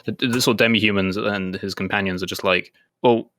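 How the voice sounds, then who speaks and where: A man co-hosting an anime podcast, chatting casually and loosely with plenty of fillers. His voice sits a little low but sounds bright and forward. The recording is dry and close. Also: steady tone, fast talker, no echo. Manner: chatty, many "like" fillers, retells scenes in quoted voices. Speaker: podcast co-host. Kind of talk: casual chat.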